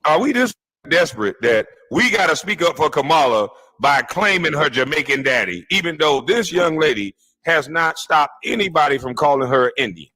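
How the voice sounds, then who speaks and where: A man giving profane, mocking reaction commentary on a podcast. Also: normal speed. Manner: mocking, animated, mimics in shrill shouts. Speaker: podcast co-host.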